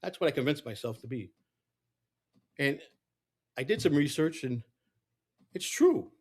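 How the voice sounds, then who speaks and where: A man's voice: medium pitch, animated, moderate pace. A middle-aged man telling personal stories in a candid, rambling way, acting out the voices of people he quotes. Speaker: political candidate. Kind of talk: casual storytelling monologue.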